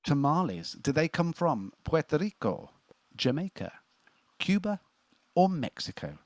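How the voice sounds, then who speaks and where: A man's voice: on the high side, sing-song, a little slow, no echo. A man hosting a casual online quiz, chatty, laughing easily and tripping over repeated words. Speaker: quiz host. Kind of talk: casual live-stream chat.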